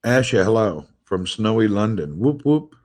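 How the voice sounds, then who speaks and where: On a phone livestream from his house, with family around, a man runs a laid-back chat: he welcomes viewers by name, reads out what they write, and ribs them in fun. His voice is fairly low and darkish, sing-song in its rise and fall, at a normal speed.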